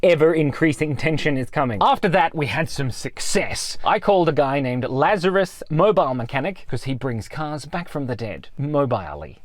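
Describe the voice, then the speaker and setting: A man's voice: fairly high pitch, normal speed, hardly any pauses, dry recording, clean studio sound. A man telling a long, rambling story in a casual vlog, amused at himself. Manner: animated, rambling, self-amused. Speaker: vlogger.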